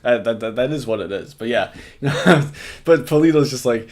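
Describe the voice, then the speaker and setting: A man's voice: medium pitch, animated, normal speed, a little mellow. A man giving casual, profane reaction commentary on a video clip, laughing often and mocking what he watches. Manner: casual, laughing often, profane, repeats clips in mock voices. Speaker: commentary host.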